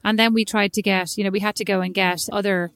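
A woman's voice: medium pitch, steady tone, fast talker, a bit bright. A woman co-hosting a podcast, chatting and telling a story, acting out the people she quotes. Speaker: podcast co-host. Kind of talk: casual chat.

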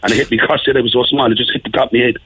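A man's voice: mid-range voice, steady tone, racing, a bit bright, slight background noise. A man with a Cork accent, calling in to a radio show, chatting casually and rambling with lots of fillers. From Ireland. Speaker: caller. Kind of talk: casual chat. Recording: tinny phone line.

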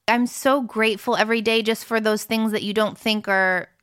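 A woman's voice: on the high side, fairly even intonation, normal speed, a bit bright, clean tone. An American woman musician talking casually in an interview, chatty and full of fillers, laughing often. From United States. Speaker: musician guest.

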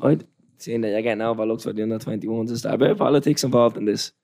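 A man doing a mock-serious Scottish sports interviewer, pressing with pointed questions in a gravelly voice. He leans into the accent with a probing, deadpan tone. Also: on the low side, quick pace, close to an everyday voice.

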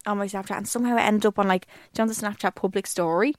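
A quick-talking young woman in her twenties, co-hosting a casual podcast and rattling through stories, swearing here and there. Her voice sits at a middle pitch and sounds close and dry, with no room around it. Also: fairly even intonation, no echo. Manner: chatty storyteller, swears freely. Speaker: podcast co-host. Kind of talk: casual chat.

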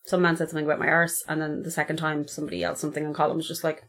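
An Irish woman co-hosts a podcast, talking quickly in a lowish voice. Her chat is loose and casual, with plenty of swearing. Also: flat delivery, fairly bright tone. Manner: chatty, swears freely. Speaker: podcast co-host.

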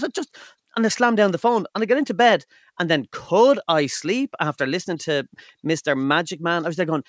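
Animated Irish man in his fifties. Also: high-pitched, fast, no room sound, clean studio sound. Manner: animated storyteller, swears freely. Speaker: podcast co-host. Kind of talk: casual chat. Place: studio.

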